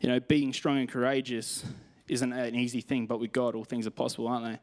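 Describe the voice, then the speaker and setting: A man's voice: mid-range voice, little pitch movement, a little fast, darkish tone. A young man with an Australian accent preaching a sermon in a chatty, self-deprecating way, telling personal stories and reading scripture. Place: church stage.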